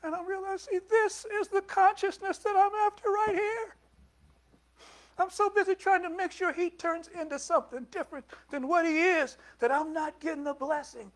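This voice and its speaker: An older man preaching a sermon in a conversational way, putting questions to the congregation and moving between loud and soft. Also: very high-pitched. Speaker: minister.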